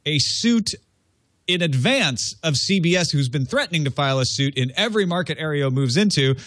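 A man's voice: a little high, animated, brisk, fairly bright tone, no echo. A man hosting a casual tech news podcast, reading out items and then talking them over loosely. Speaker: podcast host.

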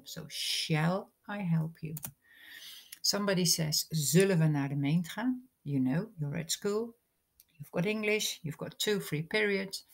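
A woman's voice: deep voice, gravelly, breathy edge. A woman, a teacher patiently explaining English grammar in a recorded lesson. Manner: slow, patient explaining with examples.

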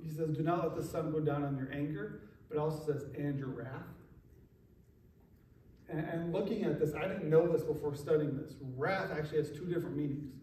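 A man's voice: on the high side, brisk, mellow, slight background noise. A male pastor preaching a casual, joking sermon in a conversational way. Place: church sanctuary. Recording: echoey room from a distance.

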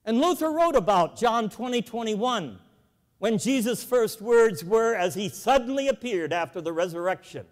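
The long reverb of a large auditorium follows this former bank president's words as he addresses an evangelical convention. His voice is high and lifted, animated and moderately paced, and he moves between homespun stories and emphatic calls to the audience.

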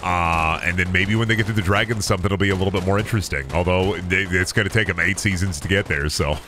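A man's voice: low voice, quick pace, sharp tone, slight background noise. A man streaming a game, ranting cynically and with plenty of swearing in a casual chat. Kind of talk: casual chat while gaming.

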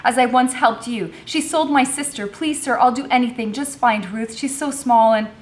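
A woman's voice: on the high side, normal speed, slight background noise, voice pushed up, close to an everyday voice. A woman reading a novel aloud, voicing a frightened young girl who pleads for help. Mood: pleading. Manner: desperate, pleading.

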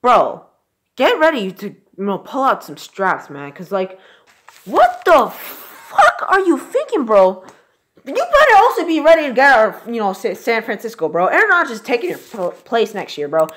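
Young man, fairly high voice, very lively pitch, profane exasperated football reaction. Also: moderate pace. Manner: profane, exasperated, says "bro" constantly. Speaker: channel host reacting to a football game. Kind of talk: live sports reaction commentary.

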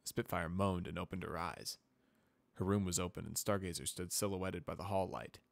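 A man narrating a fan fiction story in a steady, measured reading voice. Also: deep voice, gravelly, no room sound.

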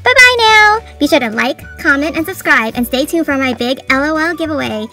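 High-voiced chirpy toy show host. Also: female voice, animated, fairly quick. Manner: chirpy, sing-song, exclaiming. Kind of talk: toy play narration. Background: music.

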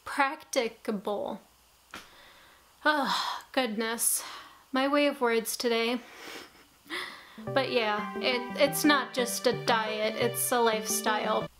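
Woman, young adult, casual vlog, rambling, self-correcting, unhurried, somewhat high voice. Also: fairly even intonation, music in the background. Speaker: YouTube vlogger.

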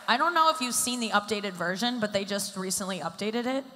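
A woman's voice: medium pitch, animated, brisk, sharp tone, some chatter behind. Chatty woman comic in a reverberant hall. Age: 30s. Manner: self-deprecating, chatty, lots of fillers. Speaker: stand-up comedian. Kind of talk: stand-up routine. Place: large comedy stage. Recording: live hall with long reverb.

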